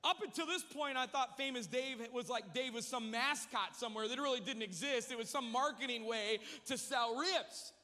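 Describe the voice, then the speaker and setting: High-voiced bright preacher in a big hall. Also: male voice, moderate pace, hardly any pauses. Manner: energetic storytelling with jokes. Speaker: pastor. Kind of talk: sermon. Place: large church hall.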